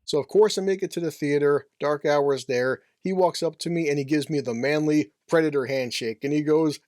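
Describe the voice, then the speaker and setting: A man's voice: fairly high pitch, brisk, hardly any pauses, darkish tone, no room sound, studio quality. A man giving a casual, brash, joking movie review with some profanity.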